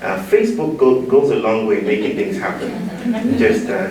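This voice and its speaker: A man's voice: mid-range voice, big pitch swings, moderate pace, vocal fry, heavy background noise. A man from Nigeria giving a keynote talk, playful and engaging the audience in call-and-response. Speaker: keynote speaker. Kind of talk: public talk. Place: large room with an audience. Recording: echoey hall, distant mic.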